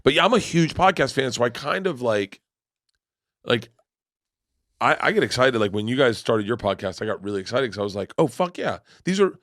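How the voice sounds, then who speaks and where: A middle-aged man, a guest comedian, telling animated, rambling stories in a casual podcast chat and swearing freely. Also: mid-range voice, brisk, dry recording, clean studio sound. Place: podcast studio.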